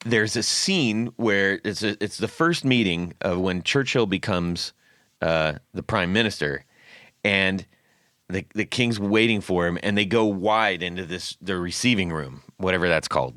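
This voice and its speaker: A man hosting a casual podcast, telling trip stories in an animated way with frequent laughs. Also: sits low, unhurried, no room sound, studio quality. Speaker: podcast host.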